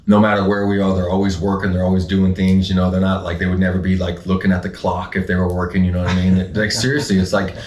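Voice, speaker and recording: Fast-talking deep-voiced man, streetwise. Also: level tone. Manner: streetwise, blunt, confident. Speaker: guest. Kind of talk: casual interview talk. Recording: echoey room.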